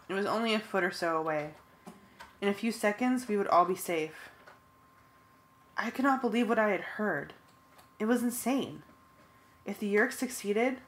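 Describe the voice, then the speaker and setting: A woman's voice: mid-range voice, a bit bright. Woman reading a fan audiobook. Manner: plain first-person storytelling. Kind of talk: audiobook narration.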